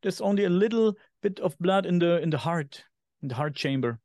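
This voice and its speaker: A man with a German accent, co-hosting a podcast in casual chat and sometimes pausing to search for English words. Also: sits high, lively intonation, a little mellow, no room sound, studio quality. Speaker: podcast co-host.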